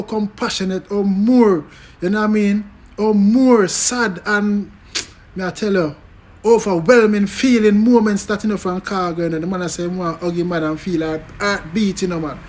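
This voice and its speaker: A man with a Jamaican accent hosting a casual music commentary vlog in an animated way, tagging his lines with "you know" and "big up". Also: high-pitched, moderate pace.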